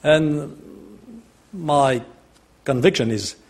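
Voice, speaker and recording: An older man from France with a French accent, giving a formal political speech in a measured, deliberate way with occasional hesitant fillers. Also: a little high, a little mellow.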